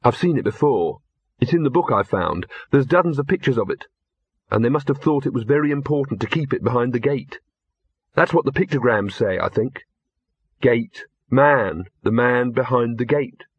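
Guy playing a jittery young guy who rambles and stumbles, husky, dry sound. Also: medium pitch, lively intonation, normal speed, no echo, dull audio. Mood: hesitant. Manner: hesitant with fillers. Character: nervous young man, hesitant and rambling.

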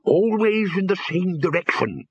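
Guy doing a twitchy old wizard treasurer, whimpery, husky, lo-fi-ish. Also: medium pitch, lively intonation, moderate pace, pushed and bright. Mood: fretful. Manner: whimpering, jittery. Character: nervous fretful older male wizard bursar. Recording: slightly dull lo-fi recording.

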